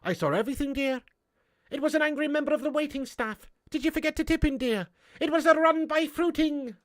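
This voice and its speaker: A man's voice: brisk, fairly bright tone, no echo, studio quality. A man doing a prim, fussy old lady. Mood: indignant. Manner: high quavering put-on old lady voice. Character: fussy elderly woman, prim and indignant.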